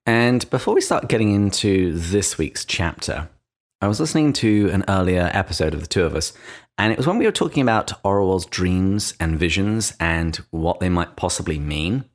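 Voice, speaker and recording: A man's voice: low-pitched, expressive, normal speed. A man with an English accent, co-hosting a podcast in an easygoing, chatty way. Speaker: podcast co-host. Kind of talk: casual chat.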